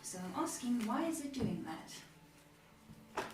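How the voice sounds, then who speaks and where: A woman's voice: on the high side, big pitch swings, takes it slowly. Distant woman reading questions, echoey. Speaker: co-host reading viewer questions. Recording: very echoey, distant from mic, faint noise.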